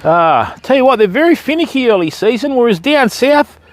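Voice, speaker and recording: A man's voice: big pitch swings, a little fast. An Australian man chatting on a live fishing stream, talking to his viewers and to dogs outdoors by the water. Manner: chatty, calls dogs in a high sing-song voice.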